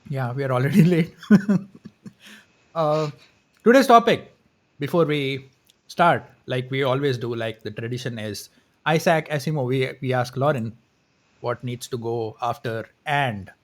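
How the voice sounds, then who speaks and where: A man co-hosting a casual live-stream chat, talking haltingly with frequent restarts and small laughs. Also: medium pitch. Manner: hesitant, many restarts and laughs. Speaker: podcast co-host.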